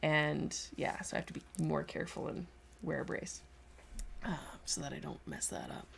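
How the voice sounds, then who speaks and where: A Canadian woman hosts a sculpting livestream, chatting casually about her work while she reads viewer comments aloud and voices her lizard's thoughts. Her low, gravelly voice swings widely in pitch at a normal speed. There is slight background noise.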